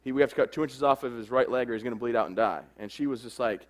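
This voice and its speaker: A man's voice: mid-range voice, racing. A man in his twenties giving a humorous motivational speech, telling a story and acting out the dialogue. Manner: joking storyteller, acts out quoted dialogue. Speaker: motivational speaker.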